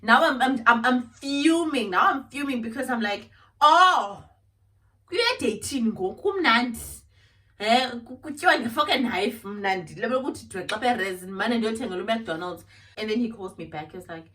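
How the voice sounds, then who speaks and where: A woman's voice: fairly high pitch, normal speed, distant mic. A young woman from South Africa with a South African accent, telling a dramatic storytime vlog and slipping local-language phrases into her English. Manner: animated, dramatic, mixes English with Xhosa and Zulu phrases. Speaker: vlogger.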